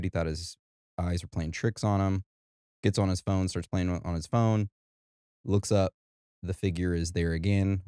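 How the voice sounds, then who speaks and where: A man with a very low, mellow voice hosts a podcast, joking and chatting at ease. He is from Brooklyn. The sound is close and dry. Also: dry recording. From Brooklyn, New York. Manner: relaxed, joking. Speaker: podcast host. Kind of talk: casual podcast chat.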